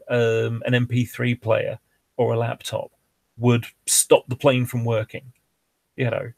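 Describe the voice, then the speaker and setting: A man's voice: mid-range voice, creaky, no echo. A man talking casually as a guest, explaining how airliners work in a chatty, rambling way full of fillers and restarts. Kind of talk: casual livestream chat.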